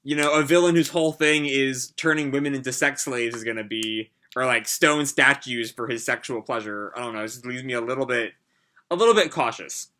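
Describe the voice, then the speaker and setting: A man hosting a manga reaction, reading chapters aloud and pausing to comment with hesitant, reflective asides. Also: mid-range voice, pushed and bright. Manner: hesitant, lots of fillers and restarts, reflective.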